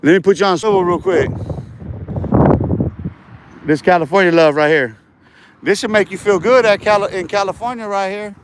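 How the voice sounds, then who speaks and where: A man's voice: sits high, normal speed, pauses often, noisy background. A man livestreaming a confrontational, aggressive and profane rant from outdoors by a street on a handheld phone. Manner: aggressive, profane trash talk.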